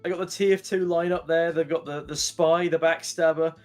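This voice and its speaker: A man casting a live esports match, excitable and rambling, a little out of breath, his pitch jumping up when he is thrilled. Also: a little fast, soft background music. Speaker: esports caster.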